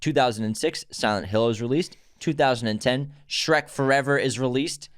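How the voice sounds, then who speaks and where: A young man co-hosting a film podcast, reading dates and picks in a brisk, easygoing way. His voice sits at a plain middle pitch. The sound is close and dry. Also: no room sound. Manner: brisk list reading with easy banter. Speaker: podcast co-host. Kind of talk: casual film podcast chat and segment reading.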